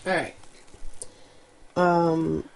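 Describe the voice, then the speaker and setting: Low-voiced woman co-hosting a chatty podcast. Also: very slow, creaky. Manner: relaxed, reads news with fillers and asides. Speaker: podcast co-host. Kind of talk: casual chat, reading news items.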